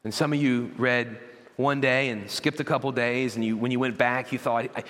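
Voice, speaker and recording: Animated male pastor in a reverberant hall. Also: mid-range voice, moderate pace. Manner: animated storytelling, acting out parents and kids. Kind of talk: sermon. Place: large church auditorium. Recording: long church hall reverb.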